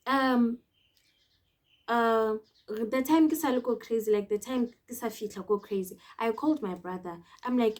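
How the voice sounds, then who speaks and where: A young woman in her twenties with a South African accent, telling a story to camera in an animated, code-switching way. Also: on the high side, normal speed. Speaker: vlogger. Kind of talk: storytime vlog.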